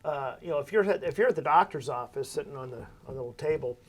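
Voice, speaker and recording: Guy with a fairly high voice, folksy and easygoing, explains deals with food analogies. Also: expressive, fast talker. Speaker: real estate investor. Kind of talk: casual podcast conversation.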